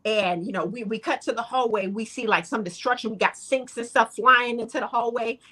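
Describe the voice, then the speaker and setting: A woman's voice: a little high, brisk, bright, forceful tone. A woman co-hosting a casual chat, retelling a plot loosely with slang and laughter. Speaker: co-host.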